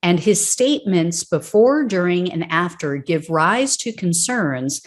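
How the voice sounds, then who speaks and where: Woman, deep low voice, news show host, political commentary, reads quotes aloud, wry sarcastic asides. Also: expressive, measured pace. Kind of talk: news commentary reading from court records.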